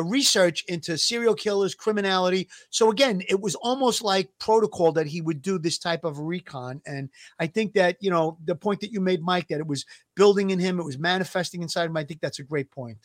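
A middle-aged man with a Brooklyn accent, co-hosting a casual talk stream in a halting way full of fillers and restarts. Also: high voice, no room sound. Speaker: co-host. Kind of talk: casual chat on a live stream.

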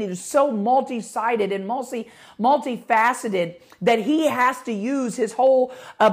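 A middle-aged woman pastor preaching with passion, her voice growing louder as she gets excited. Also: on the high side. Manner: passionate, rising volume when excited. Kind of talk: podcast sermon.

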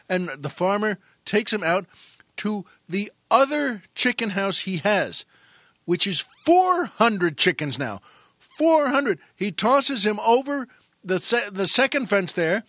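A man tells a long comic joke in a high, bright voice that pushes forward with energy. He restarts phrases and calls out to the listeners as he goes. The sound is close and dry, like a studio. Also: no room sound. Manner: animated storyteller with frequent restarts. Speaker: comedian and podcast host.

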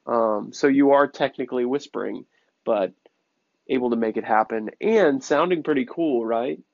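A man's voice: medium pitch, moderate pace, creaky, a little mellow, highs cut off. A man in casual chat, rambling in a hesitant way. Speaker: panelist.

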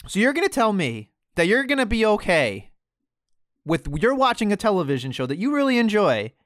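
A man with a high voice holds forth in casual podcast chat, animated and profane, now and then mimicking others. His voice sounds dry and close to the mic. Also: brisk, no echo. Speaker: podcast co-host.

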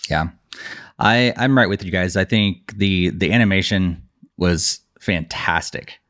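Deep-voiced man in halting casual chat. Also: fairly bright tone. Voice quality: halting, many restarts and fillers. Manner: chatty, laughs now and then. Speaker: podcast co-host.

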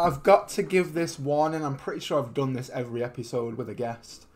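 A man hosting a casual podcast over a voice call, rambling and self-mocking, often stumbling over his words. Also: fairly high pitch. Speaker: podcast host. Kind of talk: casual chat.

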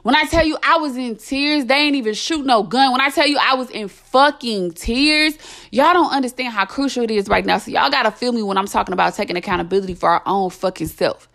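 A woman's voice: on the high side, fairly quick, fairly bright tone. A young adult woman hosting a podcast, delivering a blunt, impassioned monologue full of swearing and emphatic repetition. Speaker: podcast host.

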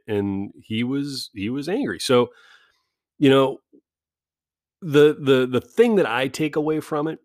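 Man, 40s, mid-pitched, casual storyteller, self-deprecating, dry close sound. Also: unhurried, no room sound. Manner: rambling, self-deprecating, laughs often. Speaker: vlogger.

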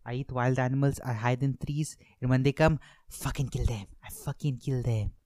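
A man's voice: medium pitch, steady tone, normal speed, warm tone, dry recording, clean studio sound, lightly acted. A man playing a stubborn, crazed soldier still hiding in the forest, speaking in short clipped phrases.

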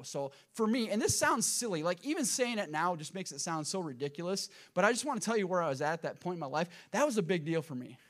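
A man's voice: high-pitched, expressive, fast, few pauses, a bit bright. A middle-aged male pastor, preaching a sermon from a church sanctuary and telling a personal story with earnest, emphatic repetition.

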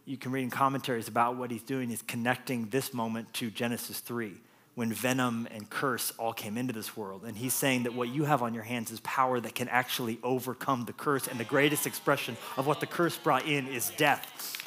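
A man preaching a lively, jokey sermon as pastor, acting out quotes with playful voices. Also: medium pitch, brisk.

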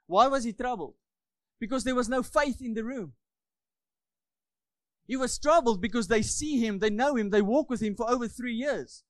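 A man's voice: very high voice, moderate pace, pauses often, no room sound. A man preaching a sermon in a church, fervent and repetitive, often asking for amens. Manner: fervent, repeats phrases, asks the congregation for amens.

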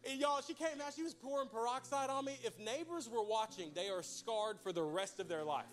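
A man's voice: very high-pitched, fairly quick, fairly bright tone. A young man preaching a folksy, joking sermon to his church. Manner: folksy, joking, addresses crowd as y'all. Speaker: pastor.

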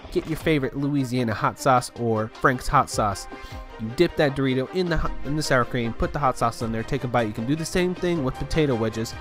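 A man's voice: mid-range voice, a bit bright. Chatty young man telling stories. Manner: chatty, rambling, swears casually. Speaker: podcast host. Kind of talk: casual storytelling monologue.

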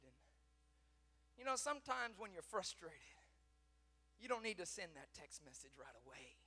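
A man delivers a fiery sermon in a strikingly high, sharp voice. He sinks to near-whispers, then builds to shouted peaks. A long hall reverb trails behind every phrase. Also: unhurried, pauses often. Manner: swings from hushed to shouting, dramatic preaching. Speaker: preacher.

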